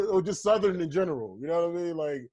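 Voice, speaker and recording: High-voiced laid-back podcast co-host. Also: male voice, expressive, fairly quick, warm tone, lo-fi sound. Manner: laid-back, laughs, does impressions. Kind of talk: casual chat.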